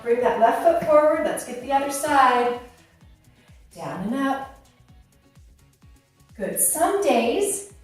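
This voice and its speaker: A woman in her fifties with a fairly high voice, coaching a home-style workout in brisk, encouraging cues. She stands away from the mic in a very echoey room, with faint music playing underneath. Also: distant mic. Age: 50s. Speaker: fitness instructor. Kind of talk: workout instruction.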